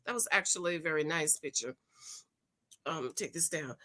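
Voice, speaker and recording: A woman recapping a reality show in animated, slangy gossip, acting out what people said. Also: deep voice, normal speed. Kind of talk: casual gossip chat.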